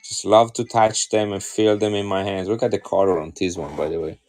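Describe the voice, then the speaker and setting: Low-voiced man selling coins live. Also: fairly even intonation, brisk, a little mellow. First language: Italian. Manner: chatty, enthusiastic, addresses viewers directly. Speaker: live-stream coin seller. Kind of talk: casual live-stream selling chat.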